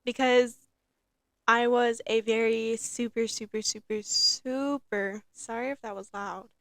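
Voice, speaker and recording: A young woman hosting her own podcast in casual, rambling talk, repeating herself and filling pauses with um and like. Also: on the high side, level tone, no echo, studio quality. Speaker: podcast host. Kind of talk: casual solo podcast chat.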